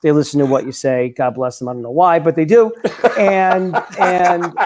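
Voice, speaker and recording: A man in his forties chats casually on a live stream, his voice sitting a little high for a man. He rambles along with plenty of fillers and restarts, and he comes through over a remote call. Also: fairly even intonation, normal speed, background noise. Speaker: event organizer guest.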